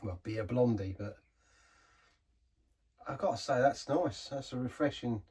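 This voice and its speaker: A man's voice: mid-range voice, unhurried, darkish tone, breathy edge, recorded from a distance. A man giving a casual, rambling beer review, often stopping and restarting his sentences. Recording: voice set back from the mic.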